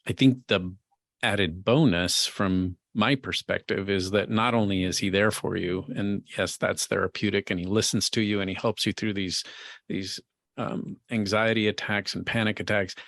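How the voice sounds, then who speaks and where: A man hosting a podcast interview, speaking in a gentle, supportive and measured way. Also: on the low side, fairly even intonation, no room sound. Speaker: podcast host. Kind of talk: interview conversation.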